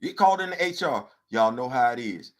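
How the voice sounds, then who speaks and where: A podcast host tells a comedic story on his talk show at a fairly quick clip, swinging between low mutters and loud outbursts. He's animated and keeps repeating phrases for emphasis.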